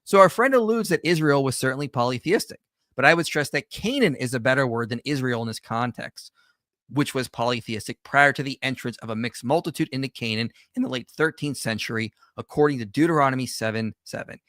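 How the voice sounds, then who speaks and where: A man's voice: medium pitch, fairly quick, fairly bright tone, no echo, clean studio sound. A man hosting a livestream, giving conversational reaction commentary with frequent restarts and self-corrections. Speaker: host.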